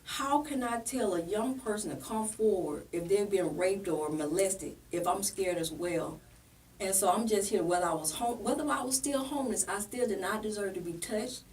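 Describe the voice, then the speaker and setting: An earnest, plain-spoken woman pastor recounts a painful experience in a podcast interview and acts out the remembered exchanges. Her voice sits at an ordinary pitch and is picked up a little distance from the mic, with a faint hiss underneath. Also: normal speed, darkish tone. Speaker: pastor and political candidate. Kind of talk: emotional personal storytelling in a podcast interview.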